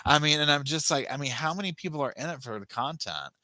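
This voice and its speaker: A man's voice: fairly high pitch, lively intonation, quick pace, sharp tone, dry recording. A man hosting a casual live chat, rambling and restarting his sentences as he thanks viewers by name. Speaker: livestream host.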